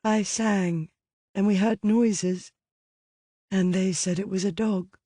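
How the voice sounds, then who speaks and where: Audiobook: a worn-out young woman, soft and halting, voiced by a man reading, set higher than his own voice. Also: fairly even intonation, dry recording, clean studio sound. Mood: weary. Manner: low, tired, halting. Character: tired, shaken young woman.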